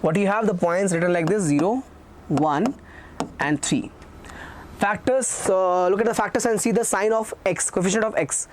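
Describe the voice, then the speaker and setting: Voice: mid-range voice, normal speed, slight background noise. A teacher giving a recorded math lecture, repeating key phrases and asking questions that they answer themselves. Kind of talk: recorded exam-prep lecture.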